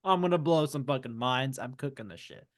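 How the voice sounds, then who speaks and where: A man's voice: mid-range voice, brisk, close to an everyday voice. A man doing a stubborn hobbit cook. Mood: defiant. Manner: casual, defiant.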